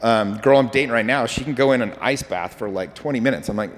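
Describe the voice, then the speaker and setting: Guy giving a pep talk in an event hall, talks super fast, lots of echo. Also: medium pitch. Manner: energetic, animated storytelling with acted quotes. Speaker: speaker. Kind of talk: motivational talk to an audience. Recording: hall with reverb.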